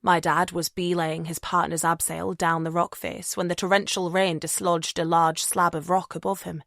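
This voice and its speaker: Low-voiced woman reading a thriller. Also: level tone, vocal fry, fairly bright tone, no echo, clean studio sound. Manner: measured, suspenseful storytelling. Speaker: audiobook narrator. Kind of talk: scripted audiobook narration.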